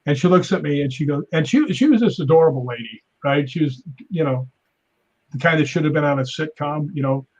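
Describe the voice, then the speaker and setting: Husky man telling animated stories. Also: a little fast, dull audio. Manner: animated storyteller, acts out quotes with raised pitch. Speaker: guest stuntman and paranormal investigator. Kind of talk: casual storytelling on a podcast.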